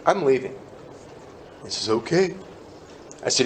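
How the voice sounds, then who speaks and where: A man's voice: medium pitch, sing-song, a little slow, a little hiss or hum. A man speaking at a recovery meeting, telling his own story candidly and with self-deprecating humor, acting out what people said.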